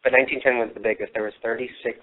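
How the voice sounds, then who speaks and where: A man hosting a live paranormal radio investigation, telling history in a rambling, filler-filled way. His voice is a little worn and comes through a thin, tinny phone-like line. His pitch sits in an ordinary middle range. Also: fairly even intonation, very fast. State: losing his voice. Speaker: paranormal radio show host.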